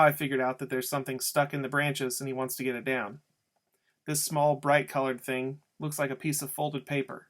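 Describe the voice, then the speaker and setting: A man's voice: mid-range voice, a bit bright. A man reading a novel aloud as an audiobook, telling the story in a casual first-person voice. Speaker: audiobook reader.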